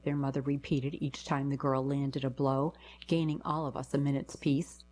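A woman's voice: extremely low pitch, flat delivery, moderate pace, a little mellow, slight background noise, rough recording. A woman reading short first-person anecdotes aloud, giving quoted lines a lift in her voice.

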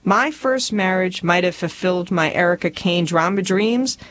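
A woman's voice: on the low side, normal speed. A woman in her forties from rural Tennessee with a Southern accent, reading her own memoir aloud in a folksy, humorous storytelling manner. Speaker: memoir narrator.

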